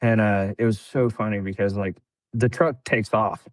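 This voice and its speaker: A man's voice: on the low side, steady tone, moderate pace, dry recording. A man on a podcast casually telling a story, laughing often and acting out what people said. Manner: laid-back, laughs often, acts out quotes. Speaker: podcast guest, veteran.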